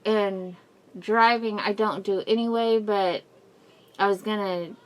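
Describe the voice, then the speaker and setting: A middle-aged vlogger speaks slowly through a face mask in a mid-range, steady voice. She gives her viewers a casual personal update, telling a rambling, emotional story punctuated by laughs and sighs.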